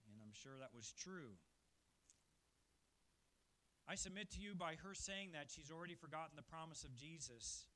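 A male pastor preaching a sermon at a church service, emphatic and swinging from quiet passages to loud ones. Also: on the high side, lively intonation, fairly quick, few pauses.

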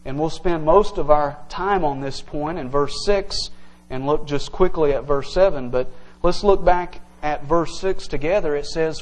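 A man's voice: on the high side, low-quality recording. A male pastor preaching an earnest, emphatic evening sermon to his congregation, teaching verse by verse.

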